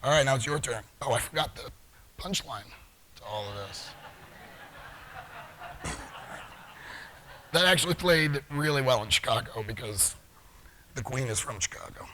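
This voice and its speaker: Man, middle-aged, conference speaker, playful, bright tone, large hall. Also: mid-range voice, animated, measured pace, long pauses, slight background noise. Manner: playful, joking with the audience. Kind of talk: live conference talk with audience interaction.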